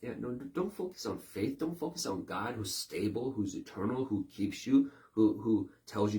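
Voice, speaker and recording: A man preaching a sermon, animated and talking through illustrations with playful asides. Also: lowish voice. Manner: animated, mimics voices in quick asides. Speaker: pastor.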